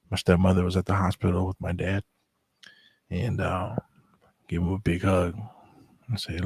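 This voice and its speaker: A middle-aged man telling personal stories in a relaxed, reflective way, with many fillers. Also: low-pitched, moderate pace, long pauses, slightly rough, no room sound. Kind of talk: casual storytelling chat.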